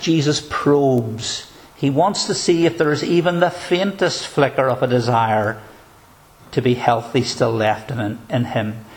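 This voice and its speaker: A man preaching a sermon in an earnest, measured way, asking probing rhetorical questions. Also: medium pitch.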